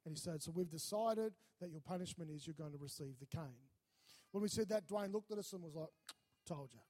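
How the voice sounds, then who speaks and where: A man preaching a sermon, telling a lively story and acting out the voices in it. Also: high voice, fairly quick. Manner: animated, acts out voices in his stories. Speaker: pastor.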